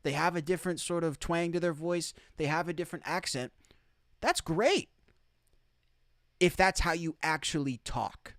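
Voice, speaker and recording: Emphatic, lively-voiced male commentator. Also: a little high, normal speed, no echo, clean studio sound. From outside the United States. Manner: emphatic, repeats key phrases. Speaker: commentary streamer. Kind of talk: opinionated live commentary.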